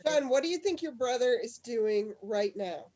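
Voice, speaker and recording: A woman hosting a live storytelling comedy show over a video call, chatty and quick to laugh as she tells her own tale and introduces acts. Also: a little high, expressive, noisy background. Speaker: show host.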